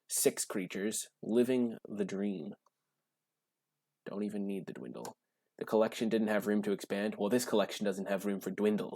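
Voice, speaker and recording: A man giving casual gameplay commentary while drafting cards, gushing and breaking into high excited shouts. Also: moderate pace, gravelly, slightly rough, no room sound. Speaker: card game drafting streamer.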